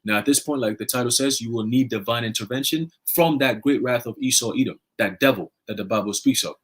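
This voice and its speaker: A man co-hosting a religious talk show, with a husky, slightly raspy voice. He reads Bible verses slowly, then explains them in casual slang. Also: medium pitch. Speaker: co-host. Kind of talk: casual religious discussion with scripture reading.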